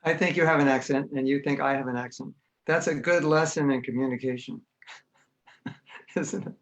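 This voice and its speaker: An American man teaching an online spiritual class speaks at a medium pitch and normal speed over a video call. His informal lecture is conversational and lively, and he performs the voices of the people he quotes.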